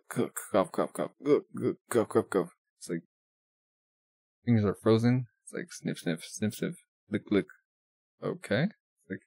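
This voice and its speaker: A man's voice: on the low side, gravelly, darkish tone, breathy edge, no echo. A man reading comic-book dialogue aloud in a casual way, voicing the characters in his own plain voice and often stumbling and restarting. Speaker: manga reader.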